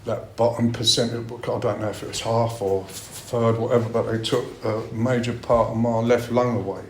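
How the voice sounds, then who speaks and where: A man's voice: medium pitch, flat delivery, normal speed, slight background noise. Blunt, swearing man sharing at a recovery meeting, roomy hall sound. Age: middle-aged. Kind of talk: personal share at a recovery meeting. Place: meeting room. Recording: roomy meeting-room echo.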